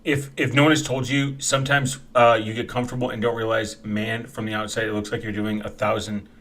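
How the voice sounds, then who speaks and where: A man ranting as he reacts to videos, swearing and mocking, dropping to quiet mumbles and then bursting into loud shouts. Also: fairly low pitch, level tone, brisk, slight background noise. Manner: angry, profane, mocking, breaks into sudden shouts; mumbles quietly while reading comments aloud.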